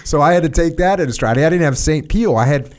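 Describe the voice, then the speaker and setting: A man hosting a podcast, trading stories with a laugh and reading historical passages aloud at a steady pace. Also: on the high side, fairly quick. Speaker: podcast host. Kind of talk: casual conversation and reading aloud from a book.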